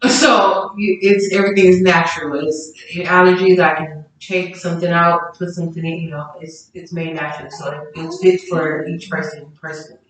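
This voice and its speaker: A woman's voice: lowish voice, brisk, few pauses, recorded from a distance. A woman talks in a casual, rambling way, full of restarts and fillers. She sounds well off the mic. Her voice rings through a very echoey room. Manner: rambling, self-correcting with many fillers. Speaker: guest small-business owner. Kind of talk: casual podcast chat.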